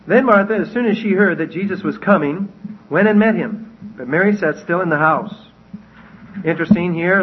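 Husky man teaching from the Bible. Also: on the high side. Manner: conversational, asks listeners questions. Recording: dull lo-fi recording.

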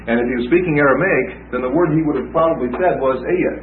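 A man's voice: a little high, fast talker. A man teaching a Bible class, explaining texts with emphasis and taking questions from students. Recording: tinny lo-fi recording with hiss.

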